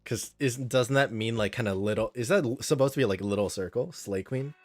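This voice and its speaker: A man's voice: medium pitch, fairly quick, soft background music. A man streaming a game live, chatting casually with viewers in a rambling, friendly way and reading chat aloud.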